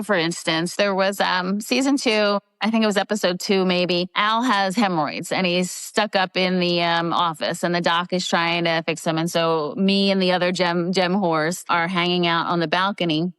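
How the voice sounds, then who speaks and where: A middle-aged woman from the Philadelphia area, guest on an interview show, telling candid behind-the-scenes stories in a lively way. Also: clean tone, no room sound. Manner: animated, jumps into high voices when quoting people. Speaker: guest actress.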